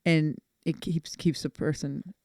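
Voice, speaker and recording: A woman dog trainer co-hosting a podcast, telling stories in a casual, animated way with frequent laughter. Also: low voice, unhurried, dry recording, studio quality. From Boston area. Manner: animated storyteller, laughs often. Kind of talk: casual chat.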